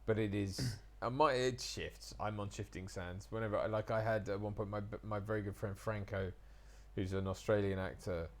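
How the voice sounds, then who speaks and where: A man's voice: on the low side, moderate pace. English man, chatty, RP accent. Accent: Received Pronunciation. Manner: animated, mimics regional accents. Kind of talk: casual chat.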